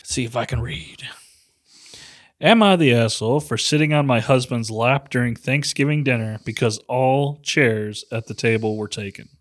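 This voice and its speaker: Relaxed male podcast co-host, mid-pitched voice, close dry sound, quick crude jokes. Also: dry recording. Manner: laid-back, laughs often, short quips. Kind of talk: casual crude banter.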